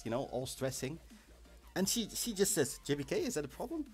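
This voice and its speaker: Lively excitable man streaming a game. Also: fairly high pitch, fast talker, slightly rough. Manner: lively, chatty, excitable with bursts of shouting. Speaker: livestream host of an online game event. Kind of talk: casual live-stream chat. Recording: faint music in the background.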